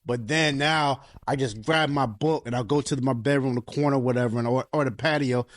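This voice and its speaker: A man in his thirties co-hosting a podcast, talking casually and earnestly, getting animated as he tells stories. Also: medium pitch, fairly quick, no room sound, clean studio sound. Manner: earnest, animated storytelling with rising emphasis. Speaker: podcast co-host. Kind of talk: casual chat.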